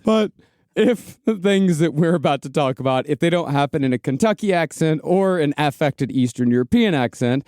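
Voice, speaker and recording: A man from Texas co-hosts a comedy podcast, narrating with jokes and asides. His voice is fairly high and very lively in pitch, recorded close and dry. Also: moderate pace, dry recording. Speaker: podcast co-host. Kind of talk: comedic storytelling.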